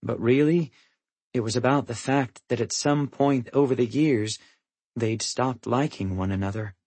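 A man narrates a first-person audiobook in a measured, somber way. His voice is husky and sits at an ordinary male pitch. The sound is dry and close. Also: no room sound.

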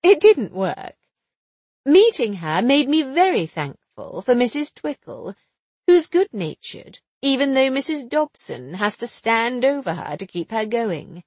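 A quick-witted young woman amateur sleuth, voiced by a woman reader talks in a chatty, teasing way, her pitch swinging widely and running a bit high. The voice is soft and breathy and close to the mic with a dry sound. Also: very animated, no room sound, heavily acted. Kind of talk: audiobook dialogue reading.

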